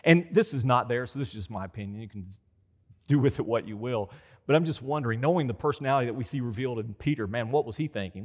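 A man's voice: mid-range voice, fast talker, slightly rough. A man preaching a conversational sermon as a pastor. He repeats phrases for emphasis and acts out quoted voices. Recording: long hall reverb.

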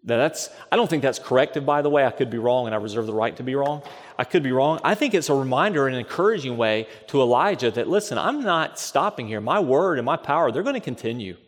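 A male pastor delivers a sermon in a middle-pitched voice, pressing his points with rhetorical questions and repeated phrases. His words ring out with a long, trailing reverb, as if in a large hall. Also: animated, quick pace.

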